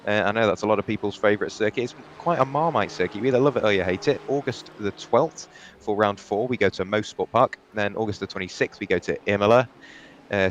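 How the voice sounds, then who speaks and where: A man's voice: on the low side, slight background noise. A young man doing live sim racing commentary, chatty and rambling, with frequent restarts and asides.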